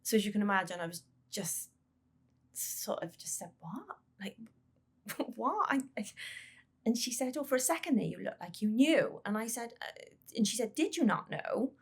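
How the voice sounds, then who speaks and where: A woman who is the parent of a child with a brain injury, telling her story in a podcast interview in a halting way, repeating words and acting out the dialogue she recalls. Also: mid-range voice, lively intonation, slightly rough.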